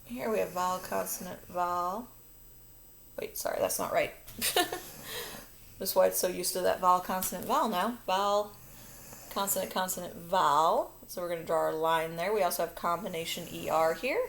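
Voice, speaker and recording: Gravelly-voiced woman teaching phonics. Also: lowish voice, fairly quick, a little hiss or hum. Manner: patient, step-by-step explaining. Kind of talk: online phonics lesson. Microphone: recording her own video lesson.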